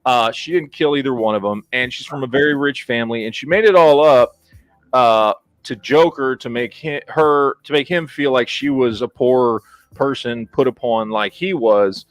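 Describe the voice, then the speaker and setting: A man in a casual podcast chat, blunt and profane as he rants. His voice is dry and close, with almost no room sound, and sits at an ordinary pitch. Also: normal speed, no room sound. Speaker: podcast host.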